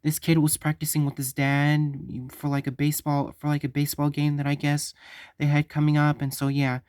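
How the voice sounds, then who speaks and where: A man telling a story on his vlog, halting and stumbling, often repeating himself. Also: on the high side, monotone, darkish tone, dry recording, studio quality. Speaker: vlogger.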